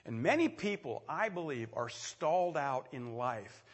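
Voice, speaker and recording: Husky preacher in an echoey hall. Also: male voice, medium pitch. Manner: animated storytelling with quick asides and sudden loud swells. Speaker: pastor. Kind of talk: sermon. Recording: echoey hall with long reverb.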